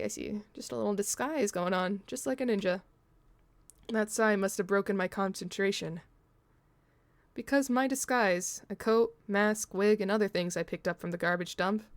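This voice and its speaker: A woman's voice: mid-range voice, no room sound. A woman streamer reading a game's story aloud to her chat, chatty and laughing as she muses over pronunciations.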